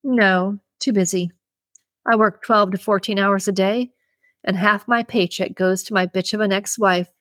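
A woman voicing a lonely, awkward working man at a bar who stammers, in her own slow reading voice. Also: medium pitch, fairly even intonation, fairly bright tone, no echo, studio quality, natural voice. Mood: eager.

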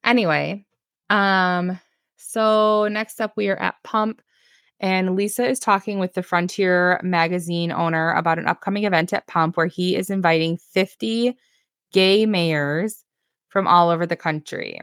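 A woman's voice: lowish voice, fairly even intonation, a little slow, a bit bright, smooth, no echo, clean studio sound. A woman co-hosting a casual podcast, recapping a reality show, chatty and laughing often as she retells scenes.

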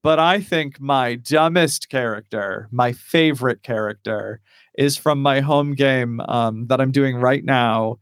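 A man's voice: medium pitch, slow, clear, resonant tone, no echo, studio quality. A man hosting a podcast, chatting casually about tabletop role-playing characters with lots of fillers and laughter. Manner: animated, laughs often, many fillers. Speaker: podcast host.

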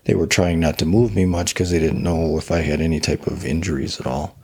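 A middle-aged man with a low, husky voice. He tells his story as an interview guest in a measured, matter-of-fact way. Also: steady tone, darkish tone. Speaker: guest, author and shaman. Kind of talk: recounting a personal tragedy in an interview.

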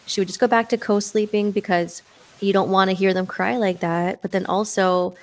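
Chatty, supportive woman with a gravelly voice. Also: medium pitch, steady tone, normal speed. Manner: supportive, chatty, shares her own stories. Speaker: podcast co-host. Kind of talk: casual chat.

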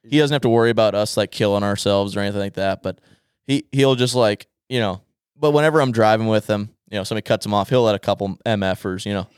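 A man's voice: on the low side, fast talker, clear, resonant tone, dry recording, clean studio sound. A young man in casual podcast chat, rambling through a funny story, swearing and laughing often. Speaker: podcast co-host.

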